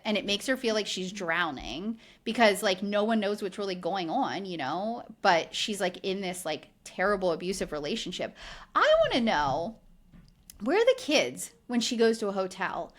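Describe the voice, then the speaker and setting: Animated, chatty woman podcast co-host. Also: mid-range voice. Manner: indignant, chatty, heavy use of "like". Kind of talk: casual recap chat.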